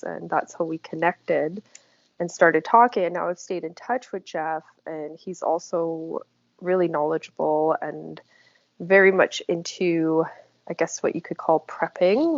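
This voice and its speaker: A woman hosting a casual spiritual chat on her channel, chatty and quick to laugh. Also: lowish voice, creaky, dry recording. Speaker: channel host. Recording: dry, dull lo-fi audio.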